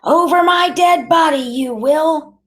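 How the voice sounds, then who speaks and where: A woman's voice: mid-range voice, sing-song, moderate pace, dark tone, pitched above the performer's own voice, natural voice. A woman voicing an upset grandmother who pleads in a raised, tearful-sounding voice and hates violence. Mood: distraught.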